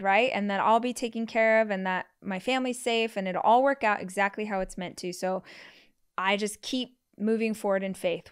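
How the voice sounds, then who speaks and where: A woman in her thirties, a podcast host, telling personal stories in a casual way, acting out what people said with big jumps in her voice and lots of "like" fillers. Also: clean tone. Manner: animated, acts out quotes with big pitch jumps; frequent "like" fillers. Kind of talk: casual storytelling.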